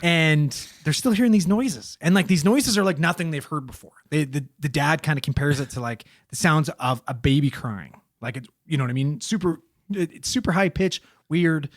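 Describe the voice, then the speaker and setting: A man telling a story on a podcast in loose, swear-filled, rambling chat, with a slightly higher pitch than most men. His voice sounds dry and close, with no room around it. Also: moderate pace, dry recording. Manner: profane, rambling, filler-heavy.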